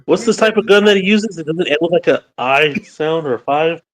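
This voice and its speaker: A man's voice: a little high, a little fast, rough recording. A man in a casual chat, suggesting words and rhymes for made-up lyrics.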